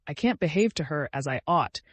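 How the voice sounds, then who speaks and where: A man's voice: a little high, animated, brisk, dry recording. A male narrator voicing a tormented, irritable young man who speaks sharply and angrily. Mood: bitter. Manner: sharp, angry outbursts.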